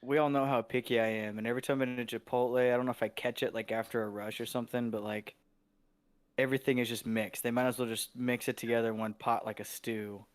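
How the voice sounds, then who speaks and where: A man's voice: medium pitch, level tone, fast, clean tone. A young man co-hosting a casual podcast chat, rambling with lots of fillers and laughing easily. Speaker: podcast co-host.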